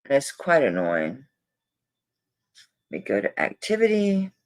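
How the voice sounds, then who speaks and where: A woman's voice: extremely low pitch, wildly swooping pitch, slow. Flustered woman chatting on a live stream. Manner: flustered, rambling, talks to viewers while searching. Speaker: jewelry seller on a live auction stream. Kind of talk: live-stream chat while sorting orders.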